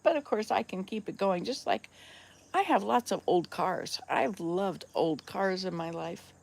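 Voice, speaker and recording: With a creaky, darkish, mid-range voice and a measured pace, this sixty-something vlogger chats casually at home. She rambles cheerfully and occasionally coaxes her cats.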